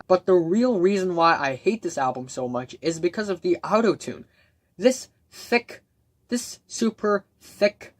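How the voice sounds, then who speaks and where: A man's voice: high voice, no echo. A young man giving blunt, scornful album reviews in a ranked countdown, with frequent ums and uhs. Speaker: music reviewer.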